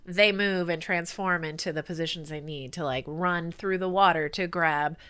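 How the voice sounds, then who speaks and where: A woman co-hosts a casual movie podcast. Her tone is bright and forward, and she teases the others bluntly. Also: lowish voice, moderate pace, smooth. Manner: blunt, teasing, swears. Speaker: podcast co-host.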